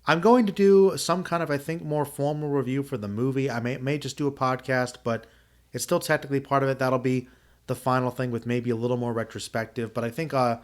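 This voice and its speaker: A man in his thirties talks through his thoughts in a loose, rambling way. He restarts his sentences and fills the gaps with "uh" as he reflects, and his voice sits at an ordinary, middle pitch. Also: steady tone, fairly quick. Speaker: podcast host. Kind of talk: casual spoken review.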